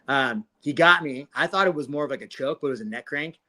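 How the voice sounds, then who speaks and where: A man's voice: on the high side, quick pace. A man in his forties, a podcast guest and former fighter, telling his story in a casual interview with lots of swearing and acted-out quotes. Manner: profane, animated retelling with quoted dialogue.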